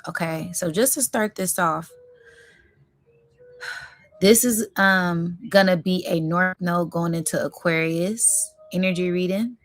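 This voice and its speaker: A woman hosting a spiritual reading vlog, talking in a slow, effusive and emotional way, close to tears of joy and calling her viewers y'all. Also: lowish voice, no echo. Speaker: spiritual reading channel host.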